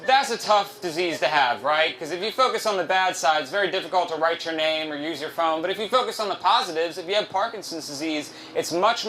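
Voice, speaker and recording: A man's voice: a little high, a bit bright, poor audio. A man doing a stand-up comedy set at a live venue, loose, profane and self-mocking, on a handheld stage mic.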